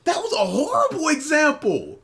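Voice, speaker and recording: Animated man ranting on a podcast. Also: very high-pitched, normal speed, gravelly, noisy background. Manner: animated, incredulous, rants with acted quotes. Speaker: podcast co-host. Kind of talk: casual reaction chat.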